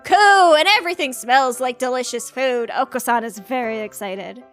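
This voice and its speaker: A woman voicing a hyperactive, silly male pigeon who coos and blurts out excited lines from a visual novel. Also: sits high, moderate pace, faint music behind. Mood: giddy. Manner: cooing, excitable. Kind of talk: reading visual novel dialogue aloud.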